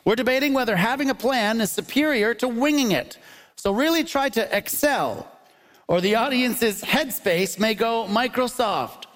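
A man hosting a live comedy panel show, upbeat and punny, quick to laugh at his own jokes. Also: extremely high pitch, lively intonation, a bit bright. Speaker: game show host. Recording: noisy live audience recording. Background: audience laughter.

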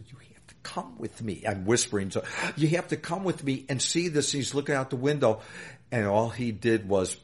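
An older man recounts a story as an interview guest. His voice sits at a middle pitch, and his telling rambles along, full of fillers and restarts. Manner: rambling anecdotes with many fillers.

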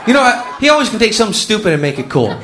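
A man doing observational stand-up comedy with a rambling, animated delivery. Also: high voice, very fast, a faint crowd.

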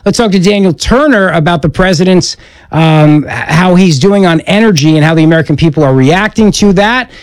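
A middle-aged man hosting a talk radio show, joking and teasing in casual banter. His voice sits a little high for a man and comes across dry and close on the studio mic, with no room sound. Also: fairly quick, no room sound. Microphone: studio microphone.

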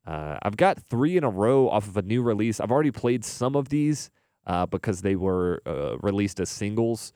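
A young man with a very low voice hosts a radio music show, talking in a loose, rambling way with plenty of filler words. He sounds close and dry, recorded on a studio mic with no room sound. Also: moderate pace, clean tone, no room sound. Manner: relaxed, rambling, filler-heavy. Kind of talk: casual radio DJ chat.

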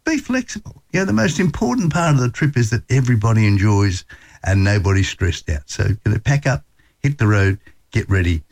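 A man's voice: on the low side, big pitch swings, brisk, vocal fry, a little mellow. A man with an Australian accent hosting a radio show, giving travel tips in a chatty, folksy way and often repeating words. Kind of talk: casual radio advice talk.

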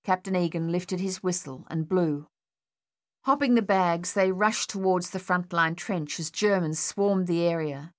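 Steady and measured, a woman narrates a scripted audiobook in a lowish voice.

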